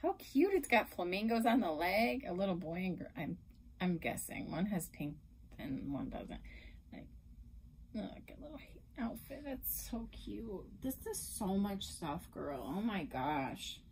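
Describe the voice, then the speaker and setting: A young adult woman gushing in a casual unboxing vlog, emotional and effusive, at times dropping to a soft whisper. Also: mid-range voice, sing-song, a little slow, slight background noise, poor audio. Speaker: reborn doll collector vlogger.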